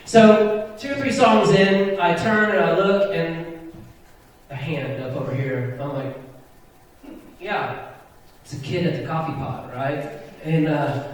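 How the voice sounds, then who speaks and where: A man's voice: a little high, unhurried, slight background noise. Man telling a story in an echoey hall. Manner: animated, chatty, keeps checking in with "right?". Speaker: Christian musician and speaker. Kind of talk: storytelling talk to a live audience. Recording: echoey hall picked up from far off.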